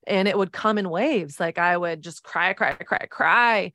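A woman's voice: fairly low pitch, a little slow, few pauses, pushed and bright, no echo, studio quality. A woman in her thirties hosting a podcast, telling a personal story in an earnest, reflective way with many "like" fillers. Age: 30s. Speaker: podcast host.

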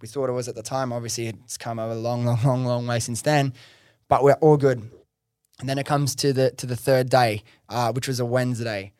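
A man's voice: mid-range voice, normal speed, clean tone, no echo. Slangy young man telling his story, dry mic. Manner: lively, slangy retelling with frequent swearing and fillers. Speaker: podcast host interviewed as guest, business founder. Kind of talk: casual interview storytelling.

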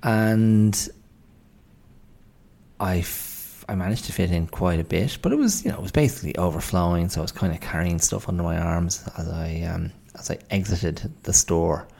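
A man's voice: deep voice, normal speed, vocal fry, dark tone. An Irish man hosting a podcast, telling a story in a wry, exasperated casual monologue. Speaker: podcast host. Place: indoors at home, late night.

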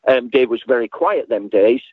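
A man's voice: mid-range voice, normal speed, breathy edge, no echo. A man telling a rambling story in an interview, often restarting sentences and acting out the voices of others. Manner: animated storyteller, acts out voices, frequent restarts. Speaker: guest recalling a late friend. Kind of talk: rambling spoken reminiscence. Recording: tinny phone-line sound, dry.

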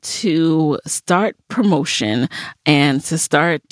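A man's voice: fairly high pitch, lively intonation, extremely slow, no room sound, studio quality. A man hosting his own podcast, giving upbeat, conversational advice on launching a show. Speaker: podcast host. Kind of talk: solo podcast advice talk.

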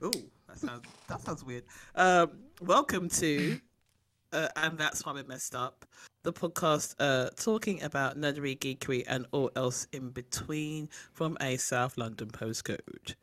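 A man's voice: on the high side, measured pace, fairly bright tone, dry recording. A man hosting a podcast in casual, playful, jokey chat. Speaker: podcast host.

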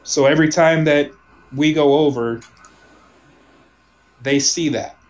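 A man from Omaha telling a personal story in casual conversation, rambling, restarting sentences and trailing off softly. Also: a little high, slow pace, low-quality recording.

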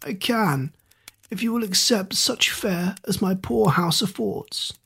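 A storyteller voicing a kindly old white-haired male hermit in a thin, soft, raised voice. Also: mid-range voice, slow, gravelly, husky, voice pushed up, full character voice. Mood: welcoming.

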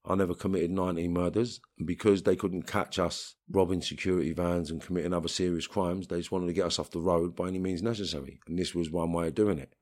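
A man's voice: low-pitched, steady tone, quick pace, few pauses, darkish tone. A man with a London accent, talking bluntly and streetwise in an interview, with bursts of swearing. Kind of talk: storytelling interview.

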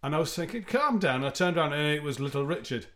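A man's voice: on the high side, very fast, a loud crowd. Chatty man. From England. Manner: chatty, rambling storyteller. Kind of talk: casual anecdotal chat.

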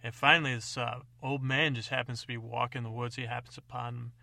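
A man's voice: mid-range voice, flat delivery, fairly quick, vocal fry, pushed and bright, no room sound. A man casually narrating an improvised bedtime story, rambling with fillers.

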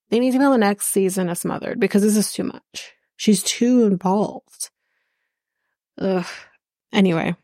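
A woman's voice: mid-range voice, a little mellow, dry recording, studio quality. A woman hosting a podcast, recapping a reality show in a casual, sarcastic, blunt way with plenty of swearing. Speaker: podcast host.

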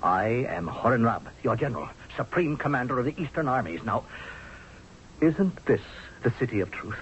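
A hard-headed, scornful military commander in a vintage radio play, voiced by a man. He talks forcefully, with sarcasm and wide swings in pitch. The recording is dull and lo-fi, like an old radio broadcast. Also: animated, normal speed, a little hiss or hum, close to an everyday voice. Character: blunt angry male Egyptian general. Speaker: actor. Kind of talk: 1970s radio drama acting.

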